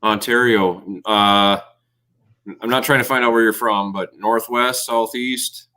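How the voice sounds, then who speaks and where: A guest outdoors video creator from Minnesota, this man has a fairly low, steady voice with a bright, forceful tone. On a livestream he chats casually about his outdoor videos, stumbling through restarts and fillers in a loose, halting manner.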